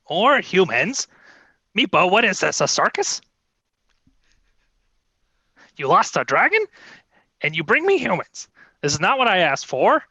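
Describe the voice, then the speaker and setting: A man's voice: high voice, big pitch swings, normal speed, pushed and bright, husky, dry recording, pitched above the performer's own voice, full character voice. A man voicing a small, haughty, short-tempered kobold queen who talks in an imperious, scolding way, over a video call. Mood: scornful.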